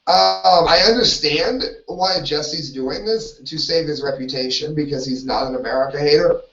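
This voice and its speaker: A man's voice: on the high side, normal speed, gravelly, fairly bright tone. Opinionated male host, solo live show, dull distant lo-fi sound. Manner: rambling, opinionated, self-interrupting. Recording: roomy, distant, dull lo-fi audio.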